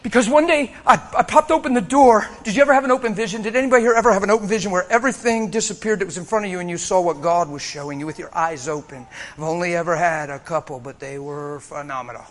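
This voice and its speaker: A man preaching a sermon, telling a story with animated bursts of shouting and laughter. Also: high-pitched, fast talker.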